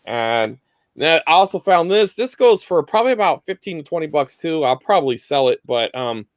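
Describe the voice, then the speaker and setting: A man's voice: fairly high pitch, sing-song, moderate pace, no room sound. A man co-hosting a live online collecting chat, talking casually and rambling with lots of fillers over a video call. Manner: rambling, loose, many fillers.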